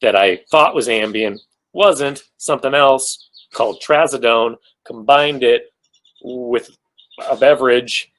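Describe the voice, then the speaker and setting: A man's voice: mid-range voice, takes it slowly, fairly bright tone, low-quality recording. A man, an actor, answering fan questions on a virtual panel over a video call, rambling and joking at his own expense with many fillers. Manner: rambling, self-mocking, jokey, many fillers.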